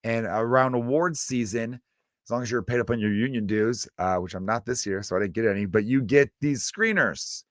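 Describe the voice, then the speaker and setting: A man's voice: medium pitch, a little fast, dry recording, clean studio sound. A man from the United States hosting his own comedy podcast, rambling through a casual rant with loose, profane, self-mocking asides. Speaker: stand-up comedian podcast host.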